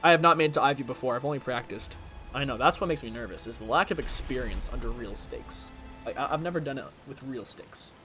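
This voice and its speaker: A man's voice: medium pitch, lively intonation, fast talker, sharp tone, faint music behind. A young man giving rambling, self-deprecating commentary while playing, his throat a little strained. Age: young adult. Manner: chatty, self-deprecating, jumps between topics. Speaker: gaming challenge streamer.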